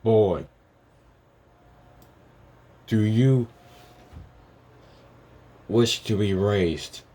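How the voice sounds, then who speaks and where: A man putting on the voice of a stern, gruff warrior god who talks like a commanding father. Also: fairly low pitch, extremely slow, warm tone.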